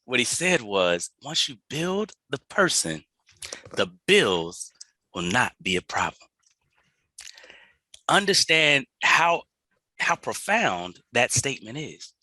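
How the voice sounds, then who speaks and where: An excited man co-hosts a business podcast, hyping up his partner with slangy encouragement. His voice is bright and sharp, pitched a little high, and it swings widely in pitch. The recording sounds dry and close. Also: slow, pauses often, no room sound, low-quality recording. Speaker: podcast co-host. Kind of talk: casual chat.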